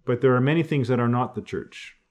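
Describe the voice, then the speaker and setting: A man's voice: medium pitch, brisk, a little mellow. A man teaching a class on church doctrine in a conversational way, thinking aloud and often restarting his sentences.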